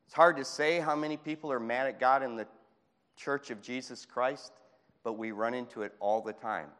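A man preaching a fervent sermon in a church, moving between shouting and hushed speech. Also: medium pitch, normal speed, clean tone. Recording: long hall reverb.

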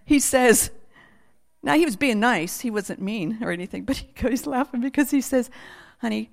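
Brief: woman preacher, high voice, animated testimony, laughing storyteller turning to soft prayer. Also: moderate pace, creaky.

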